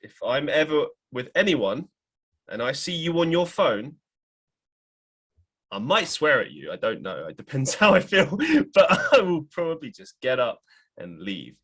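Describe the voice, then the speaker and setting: A man's voice: mid-range voice, very animated, a little slow, fairly bright tone. Young guy hosting a podcast, rambly, keeps restarting his sentences. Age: young adult. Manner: rambling, frequent self-corrections and hedges. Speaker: podcast host. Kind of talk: casual chat.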